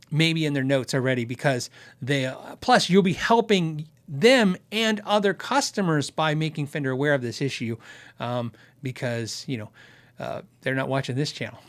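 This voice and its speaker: A man with a somewhat high-pitched voice hosts a casual livestream. He answers viewer questions in a chatty, rambling way, often restarting his sentences as he thinks aloud. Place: Arizona.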